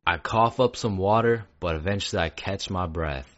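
A low-pitched man spins a comedic storytime in loose slang, stumbling into restarts and dropping swears. The recording sounds dull and lo-fi. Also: moderate pace, few pauses, a bit bright. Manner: casual, profane, stammering restarts, slang.

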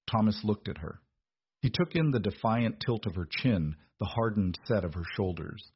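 A man narrating an audiobook in an even, measured storytelling manner. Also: fairly low pitch, husky, no room sound, dull audio.

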